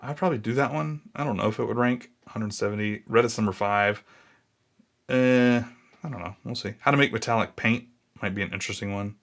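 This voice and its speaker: A man in his thirties with a lowish voice talks through a screen recording, thinking aloud and drifting off track. Keyboard typing clicks behind him. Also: brisk, gravelly, a bit bright. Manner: thinking aloud, easily sidetracked, muttering. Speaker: blogging YouTuber. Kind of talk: casual screen-recording walkthrough.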